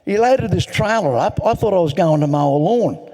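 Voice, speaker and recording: A man's voice: high voice, lively intonation, normal speed, warm tone, slightly rough. An older man rambling through a self-mocking personal story at a recovery meeting. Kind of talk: personal story told to an audience. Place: large hall. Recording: echoey large hall.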